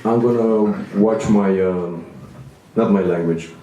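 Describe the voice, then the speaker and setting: A man's voice: fairly low pitch, slow pace, warm tone, far from the mic, highs cut off. A man in his thirties doing a stand-up comedy set, self-deprecating and rambling with restarts, in a small venue. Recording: echoey room, mic from afar.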